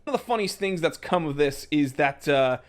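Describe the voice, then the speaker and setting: A man in a played clip, ranting loudly with crude jokes. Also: fairly high pitch, animated, a little fast. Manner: loud, yelling bits, crude joking. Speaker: video commentator. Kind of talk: ranting monologue.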